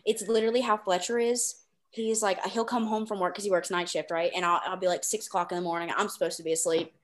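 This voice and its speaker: A woman hosting a book podcast, chatting in an excitable, gushing way and rambling with many fillers. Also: on the low side, fast talker. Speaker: podcast host. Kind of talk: casual podcast chat.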